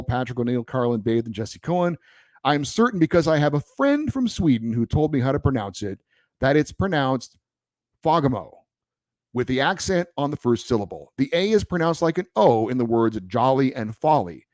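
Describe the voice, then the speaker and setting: A man's voice: medium pitch, a little mellow, no room sound. A man hosting a sports podcast, reading and answering listener mail in a conversational, argumentative way. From born in Hawaii, raised in California. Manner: conversational, pushes back, many fillers. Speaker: podcast host. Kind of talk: casual hockey podcast, reading listener feedback.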